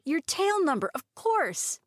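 A woman reader voicing a playful, quick-witted young woman who teases her lover. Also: extremely high pitch, very animated, no echo, studio quality, pitched above the performer's own voice, heavily acted.

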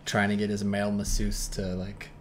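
Speaking at a moderate pace in a fairly low, completely flat voice, this man hosts a podcast recorded on a streaming mic with slight background noise. His casual trailer reaction chat rambles, full of fillers and self-doubt.

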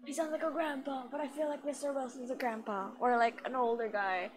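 A woman's voice: high voice, fairly even intonation, brisk, few pauses. A young woman live-streaming a game, chatting giggly and casual to her viewers. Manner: giggly, chatty, talks to chat. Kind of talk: live-streamed gameplay commentary. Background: game music.

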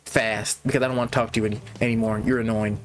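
A man's voice: on the low side, flat delivery, fast. Man reading game dialogue aloud. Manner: reads character lines aloud, breaking off to comment and laugh. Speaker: gaming channel host.

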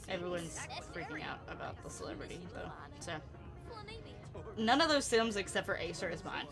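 A woman's voice: mid-range voice, expressive, normal speed, pauses often, over music. Chatty giggly young woman gaming. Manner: chatty and giggly, often laughing, exclaiming loudly at the game. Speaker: gameplay commentator. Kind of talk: casual let's-play commentary.

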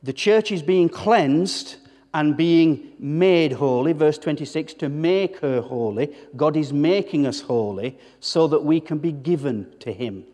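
Pastor preaching in a reverberant hall. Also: male voice, fairly high pitch, a little slow, mellow. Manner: emphatic preaching with rhetorical questions and repeated words. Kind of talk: sermon. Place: church hall. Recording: long church-hall reverb.

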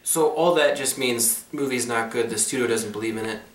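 A man's voice: medium pitch, a little fast, far from the mic. A man co-hosting a casual movie review chat, joking and offhand. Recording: noisy casual recording.

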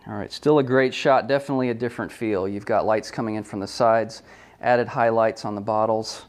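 A man's voice: on the low side, brisk. A man giving a hands-on product photography tutorial, talking through each step casually and correcting himself as he goes. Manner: relaxed, thinking aloud with frequent ums and self-corrections.

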